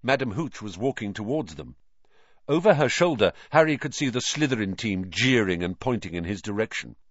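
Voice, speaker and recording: Guy reading a storybook aloud, lively ups and downs, dull dry sound. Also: fairly low pitch, normal speed, dry recording. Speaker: audiobook reader. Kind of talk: storybook narration.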